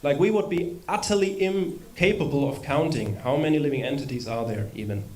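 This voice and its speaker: Speaking fairly quickly in a slightly high voice, a man gives an informal spiritual lecture to a live audience in a temple hall. His style is conversational, full of humorous asides and rhetorical questions.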